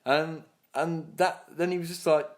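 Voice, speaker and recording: A man's voice: a little high, steady tone, measured pace. Rambling, sweary young man telling a story. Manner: rambling, sweary, laughs through his story; acts out other people's lines in his retelling. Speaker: podcast co-host. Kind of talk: casual storytelling chat.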